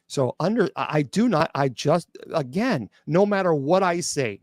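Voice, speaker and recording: Speaking in a slightly high, expressive voice at a measured pace with hardly any pauses, a middle-aged man runs a live call-in show as an exorcist bishop. The clean studio sound has no room tone. His replies to chat questions are blunt and sarcastic, full of restarts and fillers, and he mocks doubters in mimicked voices.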